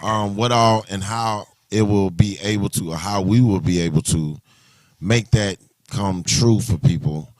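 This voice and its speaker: A man's voice: lowish voice, unhurried, a little mellow, no room sound, studio quality. A man hosting a casual livestream chat, talking loosely and rambling with many restarts. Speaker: livestream host.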